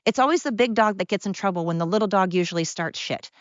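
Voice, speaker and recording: A woman with a medium-pitched voice talks fast while hosting her own podcast, delivering an angry, sarcastic solo rant full of emphatic repetition. The recording has no room sound and a dull lo-fi quality.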